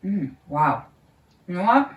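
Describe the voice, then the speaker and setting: A woman's voice: on the low side, sing-song, takes it slowly, muffled recording. Chatty woman gardener, roomy distant sound. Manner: chatty, thinks aloud, often laughs, talks while eating. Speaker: market gardener vlogger. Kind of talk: casual home vlog.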